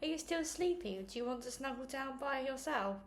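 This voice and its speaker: A woman reading aloud, voicing a soft, doting mother who talks gently and coaxingly. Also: sits high, animated, a little fast, voice pushed up.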